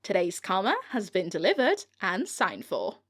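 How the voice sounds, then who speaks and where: A woman's voice: medium pitch, wildly swooping pitch, normal speed, fairly bright tone, breathy edge. Giggly British woman reading bloopers. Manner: giggly, breaks into laughter, swears at her own slips. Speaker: author narrating her own audiobook. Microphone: home recording mic.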